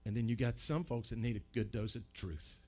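A man's voice: mid-range voice, brisk, a little mellow. A male pastor preaching a sermon in a conversational way, asking the listeners questions and often stumbling over and repeating his words.

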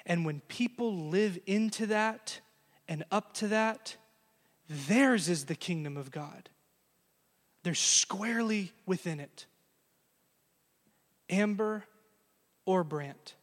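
High-voiced male pastor in an echoing hall. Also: takes it slowly, long pauses. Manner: storytelling, earnest, ending in quiet blessing. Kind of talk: sermon.

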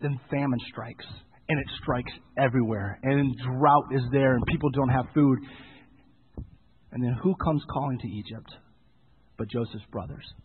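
A man preaching a sermon, retelling a Bible story with lively storytelling and acted-out lines for the characters. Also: medium pitch, moderate pace, in a large hall, a little hiss or hum. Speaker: pastor. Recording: tinny phone-like sound.

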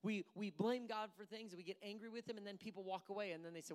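A pastor preaching a sermon with passion, moving between hushed and forceful delivery. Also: medium pitch, a little fast, hardly any pauses. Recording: long reverb of a large room.

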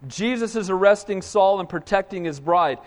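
High-pitched pastor preaching, lots of "amen?", echoey church hall. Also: male voice, moderate pace. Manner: animated preaching with call-and-response. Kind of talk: sermon. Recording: long hall reverb.

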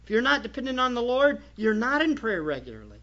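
Bright-voiced preaching pastor, lo-fi. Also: male voice, very high voice, huge pitch swings, fast. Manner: emphatic preaching with rhetorical questions. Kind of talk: sermon. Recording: dull lo-fi church recording.

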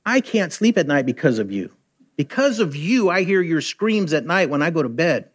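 A man's voice: a little high, sing-song, moderate pace, breathy edge. A man voicing a harsh male prison guard who bursts out in scornful disbelief. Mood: anguished, exasperated. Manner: incredulous, scornful outbursts.

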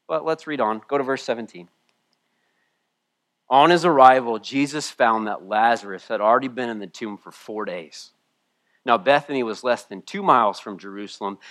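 Male pastor, tearful sermon, swings between soft reading and loud pleading. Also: fairly low pitch, normal speed. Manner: emotional, swings from hushed to loud. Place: church room with a congregation.

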